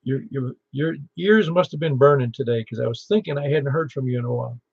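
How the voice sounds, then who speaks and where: A man hosting a ham radio net in casual chat, chatty and quick to tell stories. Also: mid-range voice, creaky, breathy edge. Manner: chatty, storytelling, laughs easily. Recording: muffled lo-fi radio audio.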